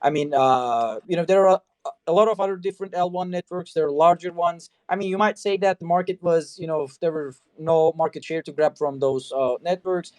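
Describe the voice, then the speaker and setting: A man's voice: fairly high pitch, fairly quick, a little mellow, dry recording. A man hosting a casual interview, talking loosely and filling his sentences with "you know" and "I mean". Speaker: talk show host.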